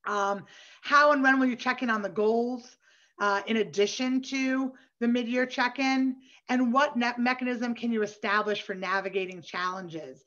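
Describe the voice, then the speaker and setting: A woman's voice: a little high, a bit bright, highs cut off. A woman facilitating an online workshop for lay leaders and professionals, talking in a conversational, encouraging way with frequent asides like "right?" and "you know".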